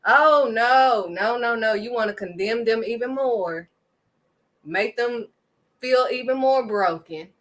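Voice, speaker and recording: A woman's voice: a little high, measured pace. A woman giving an impassioned faith talk to her viewers, emphatic and preachy, driving points home with a firm "period.". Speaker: faith vlogger.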